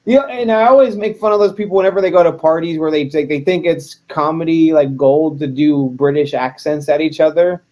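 A man's voice: fairly high pitch, steady tone, brisk, hardly any pauses, darkish tone. A man, a wrestler as interview guest, chatting casually in a joking, self-deprecating way.

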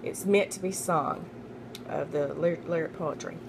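A woman's voice: sits low, steady tone, a little slow, creaky, background noise. A young adult woman reading poetry terms aloud as a study guide. She repeats each term, spells names out letter by letter, and stumbles and corrects herself. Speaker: student making a study guide.

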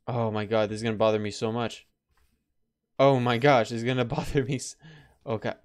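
A man talking through his own survival gameplay in a middle-pitched, casual voice. He rambles at an easy pace, then panics into sudden high-pitched yelps. A faint hiss sits under the recording. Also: normal speed. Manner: chatty, excitable, breaks into high-pitched yelps. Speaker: gameplay let's player.

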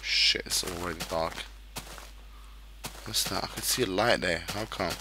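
A man's voice: low-pitched, a little slow, background noise. A man giving casual commentary on his own game, swearing freely and venting when things go wrong. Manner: swears a lot, frustrated outbursts. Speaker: gaming YouTuber.

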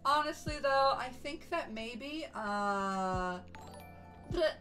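A woman's voice: medium pitch, animated, a little slow, fairly bright tone, faint music behind, rough recording. A young woman streaming from home, chatting casually with her viewers in a bubbly, chatty way. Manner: chatty, bubbly, coos baby talk to her dogs. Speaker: VTuber streamer. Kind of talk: casual live-stream chat.

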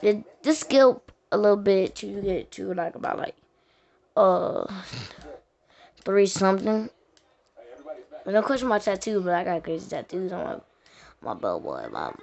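A woman's voice: mid-range voice, sing-song, moderate pace, vocal fry, pauses often, a little mellow. A woman talking through a video game walkthrough in a casual, rambling way, full of slang and restarts. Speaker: gaming tutorial host. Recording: dull lo-fi sound with faint noise.

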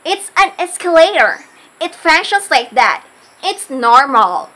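A woman putting on a patient aunt, speaking slowly and soothingly in a bright, clear tone. She sounds calm and unhurried, reassuring a frightened child. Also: sits high, heavily acted, poor audio.

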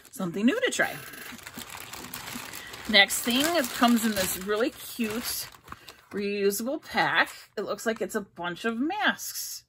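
Slow-talking chatty woman unboxing products. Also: a little high, fairly bright tone, a little hiss or hum. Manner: chatty, reads product labels aloud, stumbles on ingredient names. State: hiccups. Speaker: unboxing vlogger. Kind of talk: casual unboxing review.

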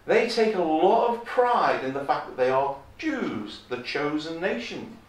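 His voice sits a little high and has a sing-song, measured rhythm as this visiting preacher gives an emphatic chapel sermon. Key phrases come back again and again, and scripture quotations are delivered louder. The sound is distant and echoey.

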